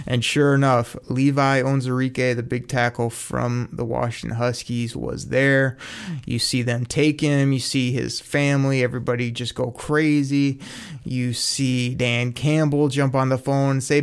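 A man's voice: medium pitch, flat delivery, a little slow, smooth. A man giving an enthusiastic, casual recap of football draft picks, often quoting others and laughing. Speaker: sports commentator.

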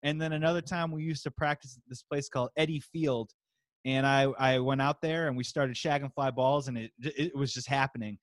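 A man in his forties hosting a podcast, chatting in a relaxed, rambling way. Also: medium pitch, a little fast, no room sound. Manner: relaxed, rambling, lots of fillers. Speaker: podcast host. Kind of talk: casual comedic chat.

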